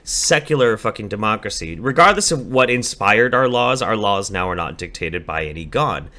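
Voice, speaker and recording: Bright-voiced blunt profane man. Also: on the low side, normal speed. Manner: blunt, profane, animated storytelling. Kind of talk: casual debate chat.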